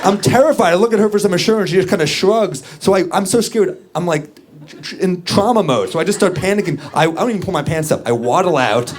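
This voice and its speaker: A man doing a stand-up comedy set, telling stories in a deadpan way and acting out the quotes. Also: high-pitched, a little fast. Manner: deadpan storytelling with acted quotes. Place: comedy club stage. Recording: live club set, loud crowd laughter. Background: audience laughing.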